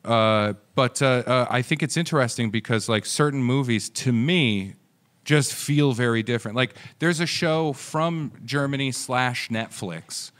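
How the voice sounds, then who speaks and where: A man's voice: mid-range voice, a little slow, a bit bright. An American man co-hosting a comedy podcast, joking, swearing and laughing often. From United States. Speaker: podcast co-host. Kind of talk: casual comedy chat.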